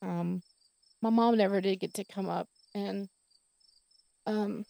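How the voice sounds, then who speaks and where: A woman's voice: mid-range voice, steady tone, slow, vocal fry, mellow, dry recording. A middle-aged woman telling a personal story on a podcast, rambling with many fillers and restarts. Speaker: podcast host.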